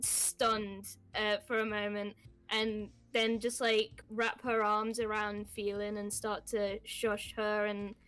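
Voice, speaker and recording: A woman narrating her character's actions in a tabletop game, halting, with frequent giggles and fillers. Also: medium pitch, little pitch movement, fairly bright tone, clean tone.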